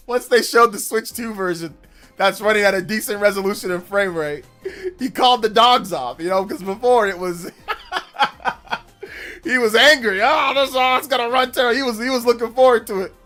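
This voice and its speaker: A man's voice: fairly high pitch, fairly bright tone. A man hosting a gaming livestream, talking loosely and rambling as he thanks viewers by name. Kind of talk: casual livestream chat.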